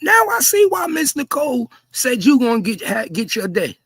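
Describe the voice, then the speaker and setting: A man doing heated livestream commentary, repeating himself in disbelief and often shouting. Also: very high-pitched, very animated, normal speed, gravelly, slightly rough, no echo. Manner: repetitive, incredulous, frequently shouting. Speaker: commentary streamer.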